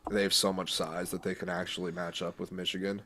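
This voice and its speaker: Blunt, low-voiced man ranting. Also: flat delivery, fairly quick, background noise. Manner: blunt, profane, heated rants. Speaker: sports show co-host. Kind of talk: casual sports chat.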